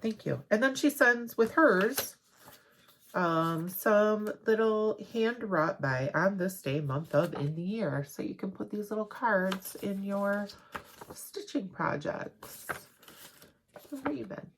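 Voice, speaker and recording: A woman hosting a crafting video, chatting casually and rambling excitedly as she shows off her haul. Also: medium pitch, takes it slowly, slight background noise. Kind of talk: casual show-and-tell haul.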